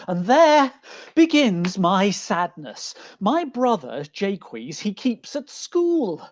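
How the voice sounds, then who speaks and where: An aggrieved young gentleman, read by a woman, speaking old verse in slow, measured phrases. The pitch rises and falls widely as the lines unfold. It comes through a dull, lo-fi video call line. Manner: earnest, declamatory verse speaking. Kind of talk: Shakespeare reading over video call. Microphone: video call mic.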